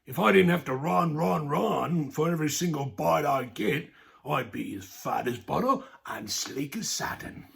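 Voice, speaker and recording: A man's voice: fairly high pitch, a little slow, creaky, a bit bright, full character voice. Brief: hungry scrawny male lion, grumbly complaining storybook voice, man reading aloud. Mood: grumbling.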